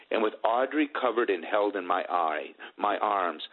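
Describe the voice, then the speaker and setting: A middle-aged man telling a personal family testimony in an earnest, halting way, with many restarts. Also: fairly low pitch, animated, phone-quality sound. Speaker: guest telling his family story.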